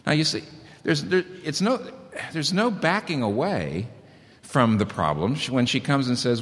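A man's voice: medium pitch, big pitch swings, moderate pace. A middle-aged man preaching on marriage, emphatic and repeating his key points. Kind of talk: sermon on marriage. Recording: long hall reverb.

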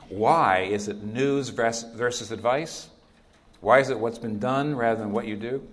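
A male pastor with a fairly low voice gives an earnest sermon. He presses his points with emphasis and then drops to a quiet, firm tone to land the main ideas. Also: moderate pace.

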